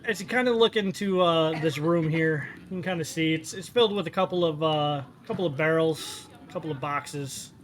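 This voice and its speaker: A man's voice: on the high side, normal speed, hardly any pauses, slight background noise. A man narrating as game master of a tabletop role-play, casual and amused with many fillers.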